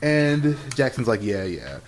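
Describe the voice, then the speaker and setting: A man's voice: mid-range voice, very animated, measured pace. A young man from Texas on a casual podcast, rambling through a story with lots of laughing and quoted dialogue. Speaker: podcast co-host. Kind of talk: casual chat. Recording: amateur podcast with audible noise.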